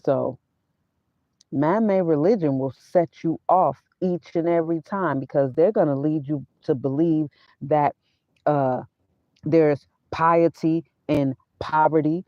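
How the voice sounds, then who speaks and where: A woman's voice: deep voice, fairly even intonation, measured pace, dry recording. A woman vlogger giving a casual spiritual talk in a preachy way, quoting scripture and mixing in casual slang. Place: inside her van. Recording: dull, dry sound.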